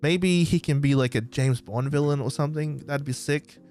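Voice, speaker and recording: An Australian man hosting a podcast, chatting excitedly and rambling, often losing track of names. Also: fairly high pitch, moderate pace, soft background music. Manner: excitable, rambling, forgets names mid-sentence. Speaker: podcast host. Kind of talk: casual chat. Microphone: desk microphone.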